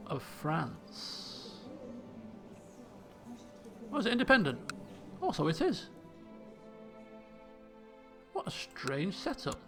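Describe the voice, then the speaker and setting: A man's voice: a little high, fairly bright tone. A man casually commentating his own strategy game playthrough, joking and thinking aloud. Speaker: let's play host.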